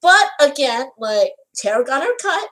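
Female co-host, high and animated, eager reactive chatter. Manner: eager, reactive, quick exclamations. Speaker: podcast co-host. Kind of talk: casual chat.

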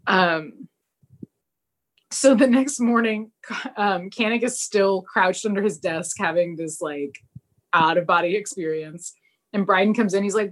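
A young woman co-hosting a podcast, casually recapping a TV episode and acting out the characters' lines. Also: moderate pace. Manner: animated, acts out characters' lines with big pitch jumps. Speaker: podcast co-host.

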